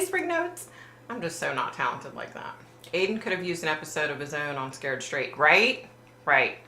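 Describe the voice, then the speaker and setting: Low-pitched and creaky yet bright and forceful, this woman's voice comes from a livestream host chatting casually and reading viewer comments. She swears bluntly and giggles, in a warm room under bright lights, with roomy echo on the recording.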